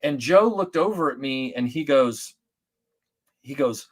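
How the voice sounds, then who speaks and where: A middle-aged man from Atlanta, a guest telling stories in casual chat, rambling and animated with many restarts and fillers. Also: medium pitch, unhurried.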